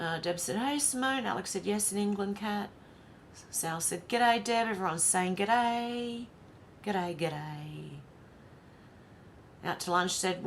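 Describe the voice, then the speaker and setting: Hosting a livestream from Australia, a woman with an Australian accent and a fairly low voice chats casually, reading out viewer comments and frequently laughing to herself. There's some slight background noise.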